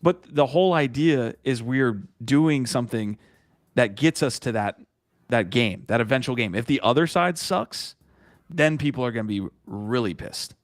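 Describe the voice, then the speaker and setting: A man's voice: mid-range voice, normal speed, no room sound, clean studio sound. A man hosting a casual podcast who rambles, restarts his sentences and laughs as he talks. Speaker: podcast host. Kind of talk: casual chat.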